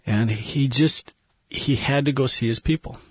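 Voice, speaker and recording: A man, a missionary guest in an interview, telling an earnest, emotional story and dropping to a hushed voice at tender moments. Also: mid-range voice, measured pace, slightly rough, dry recording, highs cut off.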